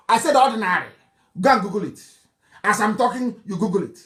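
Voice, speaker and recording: A man's voice: high voice, expressive, fast talker, a bit bright. A middle-aged man with a Nigerian accent giving a fiery live broadcast speech, mocking and scornful, often breaking into laughter. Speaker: political broadcaster.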